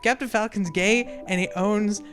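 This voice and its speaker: Excitable male podcast co-host. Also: high-pitched, moderate pace, over music. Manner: excitable, quotes lines in put-on voices. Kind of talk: casual chat.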